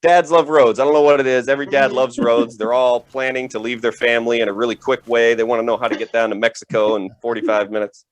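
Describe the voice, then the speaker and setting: A man's voice: mid-range voice, level tone, fast, hardly any pauses. A man doing a rambling stand-up comedy set, chuckling through his own punchlines. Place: home setup for a virtual show.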